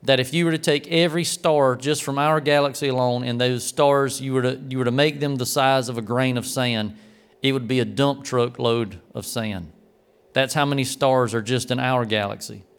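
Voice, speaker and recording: A man talks through a devotional teaching in an earnest, reflective way, pausing to restart a phrase now and then. His voice is smooth and resonant, sitting at an ordinary middle pitch for a man. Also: fairly even intonation.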